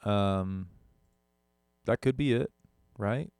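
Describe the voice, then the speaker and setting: A man's voice: on the low side, very slow, very noisy. A young man, a musician, casually talking through an audio gear comparison, rambling and correcting himself as he goes. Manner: rambling, self-correcting, with frequent fillers. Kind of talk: casual tech demo talk.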